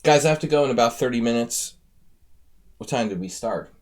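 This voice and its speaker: Chatty guy streaming chess analysis, mid-pitch voice, thinking out loud to viewers. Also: animated, fairly quick. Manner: thinks aloud, chatty, addresses viewers directly. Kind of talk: casual live-stream game analysis.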